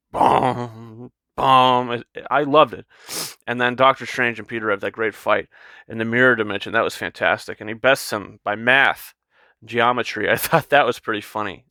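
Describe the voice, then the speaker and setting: A man's voice: lowish voice, sharp tone, dry recording, clean studio sound. A man giving a casual, enthusiastic spoken film review, rambling with lots of fillers and restarts. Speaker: movie reviewer.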